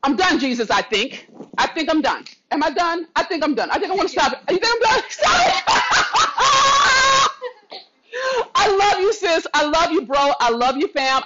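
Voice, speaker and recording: A woman vlogger delivers a fiery, impassioned rant straight to camera, preaching and swearing freely while telling her viewers she loves them. Her voice sits high, and the recording has a dull, slightly lo-fi quality. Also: fairly bright tone. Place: not at home.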